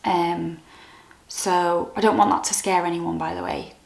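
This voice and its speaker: A young British woman vlogger telling a personal story to camera in a soft, candid, halting way that turns emotional. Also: lowish voice, fairly even intonation, gravelly. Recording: echoey room.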